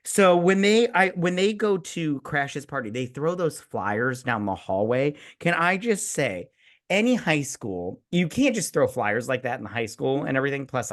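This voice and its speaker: Tipsy guy co-host, cussing and acting out movie scenes in a rant. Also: mid-range voice. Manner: profane, animated, acts out quoted film scenes. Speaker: podcast co-host. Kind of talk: casual chat.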